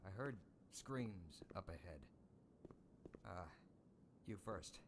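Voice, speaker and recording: An actor voicing a calm, reassuring male security guard character in a shooter game. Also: low-pitched, takes it slowly, noisy background, heavily acted.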